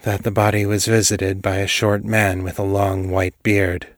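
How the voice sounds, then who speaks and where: A man voicing a wise male elf biomancer who speaks gently and clearly. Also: fairly low pitch, little pitch movement, moderate pace, no room sound, clean studio sound, lightly acted. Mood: weary.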